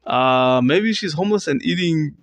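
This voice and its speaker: A man's voice: expressive, normal speed. A man rambling through an improvised, self-mocking comedy monologue, with fillers and restarts. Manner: rambling, self-mocking, with sudden squeaky fake sobbing. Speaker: comedy vlogger. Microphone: close to camera.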